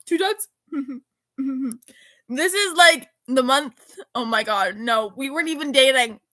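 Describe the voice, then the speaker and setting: Teenage girl, high-pitched, casual rambling chat, self-correcting, dry recording. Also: takes it slowly, pushed and bright, dry recording. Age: teens. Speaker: vlogger. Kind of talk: casual chat reading texts aloud.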